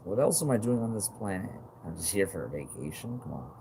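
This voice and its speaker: A man's voice: low voice, big pitch swings, quick pace, dark tone, a little hiss or hum. A man talking straight to his viewers in a rambling monologue, agitated and profane, full of fillers and repeated questions.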